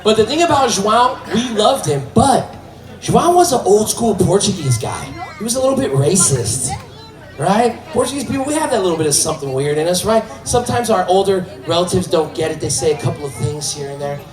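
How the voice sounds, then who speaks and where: Male stand-up, thirties, high and lively voice, animated storyteller, echoey club with a faint audience. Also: fairly quick, recorded from a distance, over music, a crowd in the background. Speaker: stand-up comedian. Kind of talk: stand-up routine. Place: comedy club stage.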